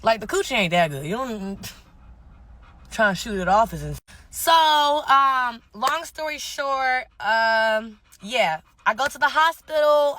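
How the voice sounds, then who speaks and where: A woman's voice: on the high side, takes it slowly, sharp tone. A young woman telling a wild personal story in casual, profane slang, laughing often. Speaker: guest telling her story. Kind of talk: animated storytelling.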